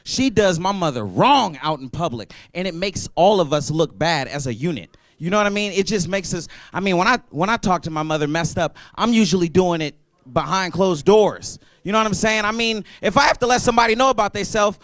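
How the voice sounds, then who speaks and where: Young male comic, high voice, dry close mic, loose and profane. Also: lively intonation, brisk, fairly bright tone, no echo. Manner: loose, profane, riffing on an audience member. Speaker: stand-up comedian. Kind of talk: stand-up comedy set. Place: comedy club stage at an open mic.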